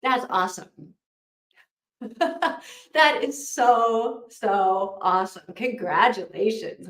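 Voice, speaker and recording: A woman hosting a casual live reading sprint, chatting with viewers in a gushing, excitable way. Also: medium pitch. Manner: gushing and excitable, with frequent "oh my gosh". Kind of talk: casual livestream chat. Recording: echoey room.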